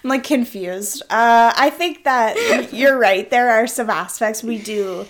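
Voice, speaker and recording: A young woman co-hosting a podcast, speaking in a measured, thoughtful way with "uh" and "um" fillers. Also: fairly high pitch. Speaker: podcast co-host. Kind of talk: casual podcast chat.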